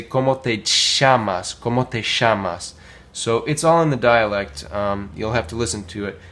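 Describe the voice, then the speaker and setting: A man with a fairly low voice gives a relaxed language lesson. He talks informally, pausing with lots of ums, and slows right down to model each phrase. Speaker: Spanish teacher. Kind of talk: casual spoken lesson.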